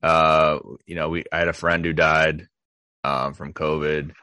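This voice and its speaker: A man's voice: a bass voice, little pitch movement, a little slow, sharp tone, no room sound. A man co-hosting a podcast, telling a story in a casual chat full of filler words. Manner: storytelling with many filler likes. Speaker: podcast co-host.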